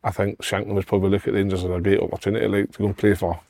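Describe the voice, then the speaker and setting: A Scottish man co-hosting a casual football podcast, talking in a measured way and thinking aloud through possible scenarios. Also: lowish voice, level tone, vocal fry, dark tone. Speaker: podcast co-host.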